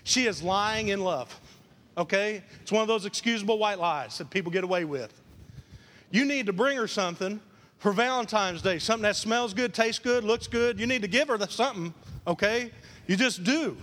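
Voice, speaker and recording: High-voiced preacher in an echoing church. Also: male voice, moderate pace. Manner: animated preaching, acts out quoted voices, repeats lines for emphasis. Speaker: pastor. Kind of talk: sermon.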